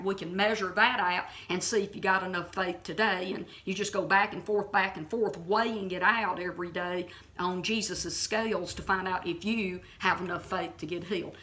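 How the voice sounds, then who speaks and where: A woman's voice: medium pitch, a bit bright. A woman giving an impassioned, informal Bible teaching. She is blunt and emphatic and keeps checking in with her listeners.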